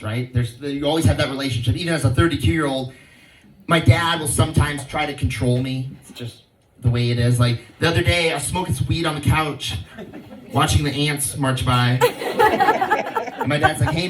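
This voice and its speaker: A man in his thirties performing a stand-up comedy set, with a laid-back stoner delivery and rhyming riffs. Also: a little high. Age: 30s. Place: live comedy show venue. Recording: roomy live venue, distant mic, loud crowd laughter.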